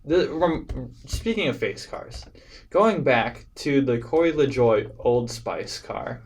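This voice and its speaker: A man co-hosting a casual podcast, jokey and excitable, often stumbling over his words. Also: mid-range voice, slow, a little hiss or hum, poor audio. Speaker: podcast co-host. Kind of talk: casual chat.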